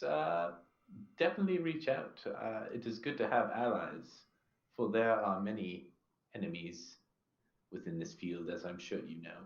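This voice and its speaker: A man playing a grandiose thief and former pirate captain who talks in a formal, flowery way with many pauses. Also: lowish voice. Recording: echoey, dull lo-fi room sound.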